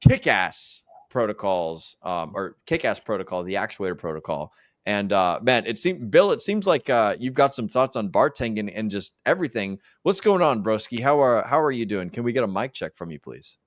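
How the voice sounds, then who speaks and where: A man's voice: fairly low pitch, lively intonation, a little fast, no room sound, studio quality. A man from Washington State hosting a livestream panel chat, with a hyped, loose emcee manner. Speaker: host.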